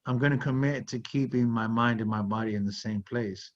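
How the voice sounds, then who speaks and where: Male host, earnest and conversational, mid-pitched voice, slightly muffled recording. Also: fairly quick. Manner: earnest, with frequent "like" and "you know". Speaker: podcast host. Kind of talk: heartfelt conversational storytelling.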